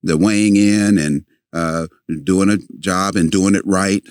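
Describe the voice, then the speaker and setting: An older man, a podcast guest, telling a long story in a halting way with many fillers and restarts. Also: low voice, fairly even intonation, smooth, no room sound.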